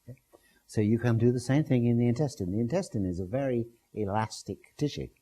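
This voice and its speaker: A man's voice: mid-range voice, fast, warm tone, rough recording. A man giving a classroom lecture with slides, explaining step by step with everyday comparisons.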